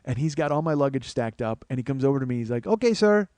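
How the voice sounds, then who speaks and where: A man's voice: medium pitch, quick pace, warm tone, no echo. A man hosting a comedy podcast, telling a rambling, profane, self-mocking personal story.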